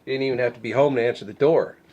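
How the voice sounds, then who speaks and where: A man recovering from a head cold, stuffed up and clearing his throat, giving sarcastic, rambling commentary on news stories. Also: mid-range voice, rapid-fire, darkish tone, lo-fi sound. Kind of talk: casual deadpan news commentary.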